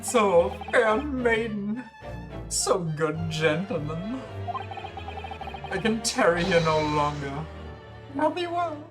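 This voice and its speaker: A streamer voicing a flamboyant, theatrical male lodger from a game, speaking in slow, archaic, stagey lines. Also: mid-range voice, big pitch swings, over music, pitched above the performer's own voice. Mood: grandiose.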